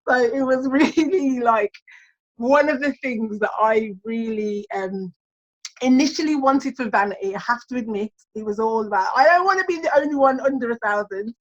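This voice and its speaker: A woman guest on a podcast chatting casually, lively and theatrical, laughing often. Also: fairly high pitch, a little fast, dull audio. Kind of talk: casual chat.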